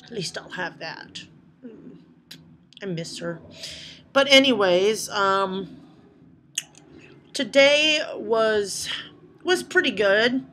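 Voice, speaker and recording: A woman chatting casually to her vlog audience, swearing a lot as she tells animated stories. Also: medium pitch, very slow, long pauses, slight background noise. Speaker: vlogger. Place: indoors at night.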